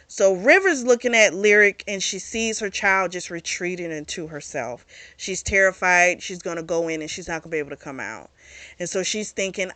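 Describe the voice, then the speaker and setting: Woman, casual book recap, animated, cursing, bright voice, dry room. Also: medium pitch, a little slow, no room sound. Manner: animated, swears freely, quotes characters. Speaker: book club host.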